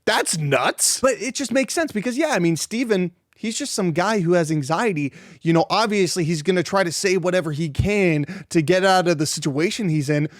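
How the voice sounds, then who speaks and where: A man's voice: sits high, a little fast, hardly any pauses, dry recording, studio quality. A man hosting a casual video review, talking in an enthusiastic, gushing way with frequent restarts. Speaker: YouTube show reviewer.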